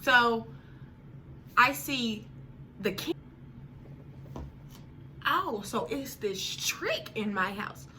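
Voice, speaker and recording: A young woman telling a personal story in a casual, animated way, full of slang and dramatic retellings. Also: fairly high pitch, drawn-out words, long pauses, slight background noise.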